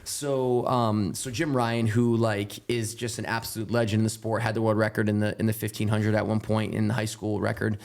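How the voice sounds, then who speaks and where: A man's voice: on the low side, level tone, brisk, vocal fry, hardly any pauses, darkish tone. An American man telling stories as a podcast guest, rambling and filling with "like," swearing casually. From United States. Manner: rambling, heavy use of "like", restarts sentences, swears casually. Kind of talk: casual interview storytelling.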